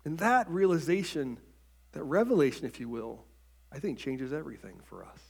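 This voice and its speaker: A man preaching a sermon in an earnest way, often repeating words as he starts a phrase and dropping to a soft, quiet voice on key points. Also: on the high side, animated, normal speed, vocal fry, breathy edge.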